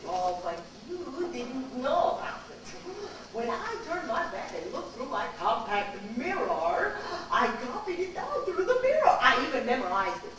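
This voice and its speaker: A woman's voice: high voice, big pitch swings, moderate pace, a crowd in the background. A woman playing a bubbly, cheeky heroine. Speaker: stage actor. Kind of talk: live stage musical acting. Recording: echoey stage from far off, audience noise.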